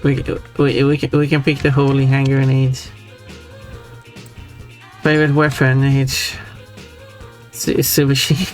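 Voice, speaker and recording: A woman's voice: a bass voice, a little slow, long pauses. A woman streaming a game, chatting casually and laughing now and then as she browses options. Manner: relaxed, chatty, laughs often. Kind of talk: casual gameplay commentary. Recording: game music playing behind.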